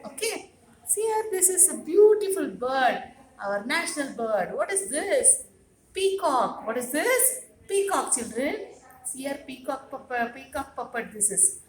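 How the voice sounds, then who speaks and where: A woman's voice: high voice, very animated, measured pace. A preschool teacher, teaching small children in a sing-song, coaxing way and repeating her questions. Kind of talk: classroom teaching to young children. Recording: echoey classroom, faint noise.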